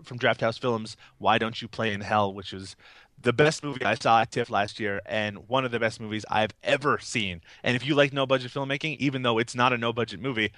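A man's voice: mid-range voice, pushed and bright, no echo. A man co-hosting a podcast in casual, rambling, enthusiastic chat, often laughing, while recovering from a cold. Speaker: podcast co-host.

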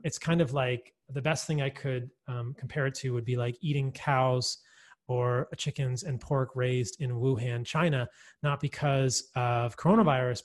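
Enthusiastic man explaining as a podcast guest. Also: mid-range voice. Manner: enthusiastic, explanatory, with frequent fillers and laughs. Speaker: guest expert. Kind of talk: conversational podcast interview.

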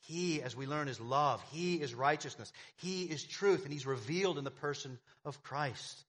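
A man's voice: fairly high pitch, normal speed, a bit bright. A man preaching a sermon as pastor, emphatic, with repeated phrases and rhetorical questions to the congregation.

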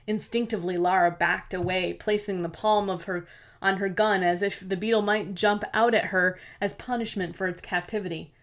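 A woman serves as narrator for a novel, reading a scripted audiobook in a mid-range voice. Her storytelling stays steady and measured throughout.

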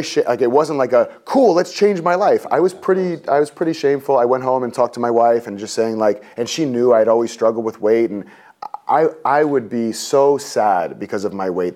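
A man in his forties, a guest on an interview show, telling a personal story in a lively way and acting out what people said. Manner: lively, acts out quotes with raised pitch.

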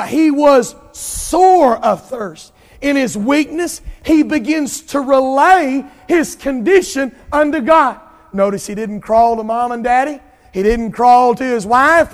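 A pastor with a very high male voice preaches an impassioned sermon, stretching out emphatic lines and building to shouts. A long reverb tail follows his words.

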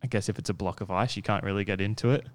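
A man's voice: fairly low pitch, racing. A man in casual podcast chat, explaining a topic in an easygoing way.

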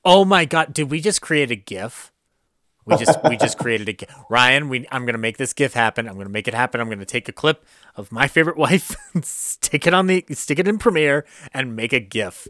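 A man's voice: medium pitch, lively intonation, a little fast, bright, forceful tone, no echo, clean studio sound. A man co-hosting a casual podcast chat, who laughs often and restarts his sentences. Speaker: podcast co-host.

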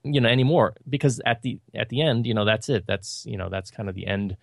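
Gravelly low-voiced man, dry sound. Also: brisk, dry recording. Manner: relaxed, conversational, frequent "you know". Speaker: podcast co-host. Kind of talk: casual film discussion.

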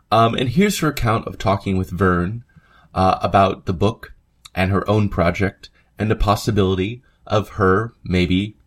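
A man hosting a podcast, narrating a history episode in a conversational way, with asides and fillers. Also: lowish voice. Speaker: podcast host. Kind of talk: scripted history narration with read quotes.

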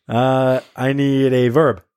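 A man hosting a casual group podcast, upbeat and animated as he runs a word game with friends. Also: medium pitch, very slow, smooth, no room sound, studio quality. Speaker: podcast host.

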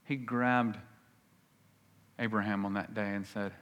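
A man's voice: fairly even intonation, unhurried, long pauses. Preaching man in a reverberant hall. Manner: dramatic swings between loud emphasis and hushed low phrases. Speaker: pastor. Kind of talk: sermon.

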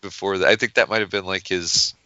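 Low-voiced male co-host on a muffled lo-fi line, dry and measured. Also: fairly even intonation, sharp tone, clear, resonant tone, dry recording. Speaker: podcast co-host. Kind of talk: casual movie podcast chat.

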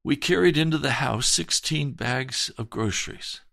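A man in the role of a pastor delivers a broadcast sermon testimony in an earnest, emphatic way, slowing down on key phrases. His voice has a gravelly edge and sits at an ordinary pitch for a man. The recording is dry and close, with no room echo. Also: expressive, a bit bright.

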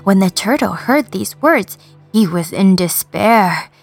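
Animated woman reading a children's story. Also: mid-range voice, measured pace, gravelly, soft background music. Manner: expressive, animated, sing-song narration.

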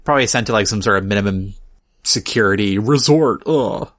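A man's voice: on the low side, brisk, fairly bright tone. A man co-hosting a podcast, talking in a casual, dry, joking way. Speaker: podcast co-host. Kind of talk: casual chat.

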